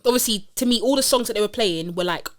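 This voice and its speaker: Young woman, podcast co-host, chatty and animated, casual storytelling. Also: medium pitch, fast talker. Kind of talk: casual chat.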